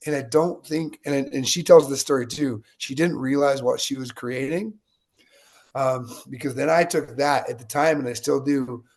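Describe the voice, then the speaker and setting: A US man being interviewed spins energetic stories, acting out other people's words along the way. He talks at a normal speed with a medium-pitched voice.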